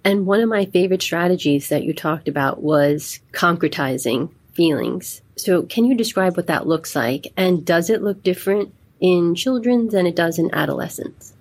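A woman hosts the interview, reading her questions in a measured, steady way. Her voice is low and husky.

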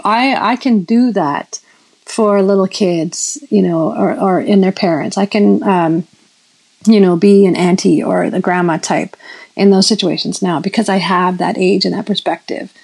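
A woman's voice: mid-range voice, unhurried, vocal fry, darkish tone, breathy edge, rough recording. A woman in her fifties preaching in a casual storytelling way, rambling with many restarts and self-corrections. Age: 50s. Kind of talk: sermon-style storytelling.

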